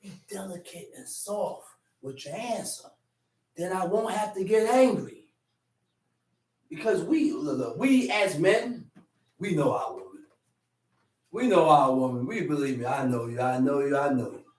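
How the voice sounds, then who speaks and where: A man teaches scripture with a high, animated voice, acting out arguments and repeating lines for weight. He sounds set back from the mic in an echoey space. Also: moderate pace, pauses often, distant mic. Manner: animated, acts out quarrels with shouting; repeats phrases for emphasis. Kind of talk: street-corner Bible teaching.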